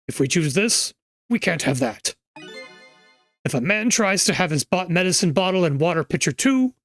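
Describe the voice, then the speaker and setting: A cryptic, scornful spirit voiced by a streamer reading a game aloud muses slowly in a lowered, grave tone. The pitch still moves a lot, and faint music sits behind the voice. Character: mysterious cryptic spirit calling himself a seeker of truth.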